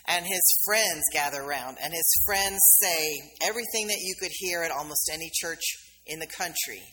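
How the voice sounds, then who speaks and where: A woman minister delivers a sermon in a bright, clear voice. She tells the story conversationally and gives each quoted figure its own voice. The sound carries a long hall reverb with faint noise underneath. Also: deep voice, moderate pace.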